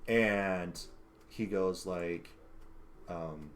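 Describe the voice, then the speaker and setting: A man's voice: fairly low pitch, moderate pace, a little hiss or hum. Rambling young man retelling a movie. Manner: rambling, filler-heavy retelling of a film scene. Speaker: podcast co-host. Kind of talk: casual chat.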